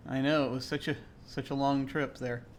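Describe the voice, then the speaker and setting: A man's voice: medium pitch, a little hiss or hum. A man giving casual, chatty gameplay commentary who laughs often and talks to himself. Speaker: game streamer.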